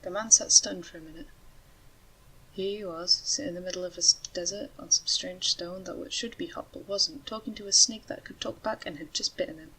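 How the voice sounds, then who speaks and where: A woman narrating a story in a steady, measured way. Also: lowish voice, a little hiss or hum, poor audio.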